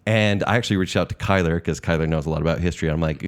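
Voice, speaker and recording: A man co-hosting a casual podcast, telling history stories in a lively, playful way. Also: deep voice, rapid-fire. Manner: animated storyteller who acts out historical figures. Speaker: podcast co-host. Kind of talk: casual chat, storytelling.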